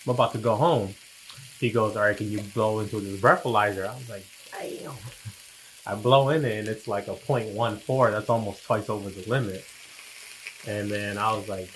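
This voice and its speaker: A man's voice: on the low side, a bit bright, slight background noise, rough recording. A man casually telling a personal story as co-host of a couple's chat, laid back and slangy, acting out what he and others said.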